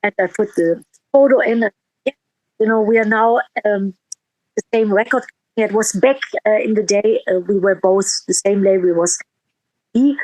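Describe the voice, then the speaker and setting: A woman's voice: medium pitch, normal speed, pauses often, darkish tone, no room sound, poor audio. A woman musician in a casual interview, telling a heartfelt story with quoted dialogue and frequent restarts.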